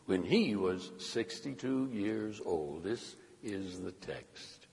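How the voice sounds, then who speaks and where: Preacher reading scripture in a hall. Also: male voice, lowish voice, animated, slow, creaky, few pauses, a little mellow. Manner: dramatic, rising emphasis on key words.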